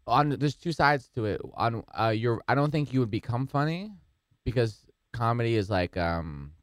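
A man's voice: medium pitch, expressive, moderate pace, dry recording, studio quality. A male comedian chatting as a podcast guest, joking and teasing himself. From San Diego area, USA. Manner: joking, self-mocking. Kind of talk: casual podcast chat.

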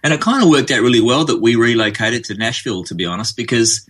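A man with an Australian accent, a former band bassist, chatting easily as an interview guest and rambling through stories with plenty of fillers. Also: animated, fast, a bit bright, breathy edge. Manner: easygoing, rambling storyteller with fillers. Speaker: musician guest. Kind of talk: casual interview chat.

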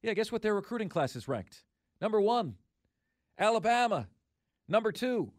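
Emphatic and opinionated, this high-voiced man hosts sports talk radio, hammering his points through repetition. His delivery is sing-song at a moderate pace, captured close and dry with no echo or room.

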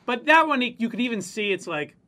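A man's voice: very high voice, animated, brisk, pushed and bright. A man co-hosting a casual chat, ranting with plenty of profanity and mocking people in exaggerated voices. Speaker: podcast co-host.

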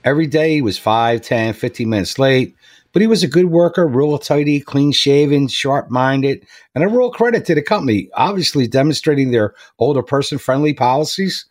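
A man hosts a talk radio show with a lot of movement in his voice. He tells a joke in a casual, animated way and acts out the dialogue. His pitch sits in the middle for a man. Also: normal speed. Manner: lively storyteller, acts out dialogue.

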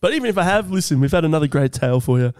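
A young Australian man co-hosting a podcast, telling stories with lively acted-out voices. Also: fairly high pitch, very fast, dry recording, clean studio sound. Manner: animated storytelling, acts out voices. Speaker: podcast co-host. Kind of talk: casual chat.

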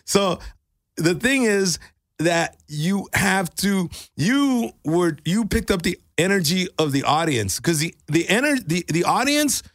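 A middle-aged man who works as a comedian and coach tells stories in a casual podcast chat, animated throughout, swearing freely and calling people "bro." His voice is high-pitched and a little slow, with no echo.

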